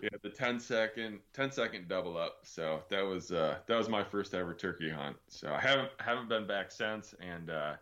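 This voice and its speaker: Deep bright-toned man, self-deprecating guest. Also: animated, moderate pace, hardly any pauses. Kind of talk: casual chat. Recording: slightly dull lo-fi sound.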